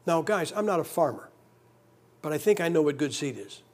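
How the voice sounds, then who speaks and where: A man's voice: fairly high pitch, expressive, brisk, darkish tone. A man preaching a sermon in a church, conversational and emphatic, with joking asides. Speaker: guest preacher.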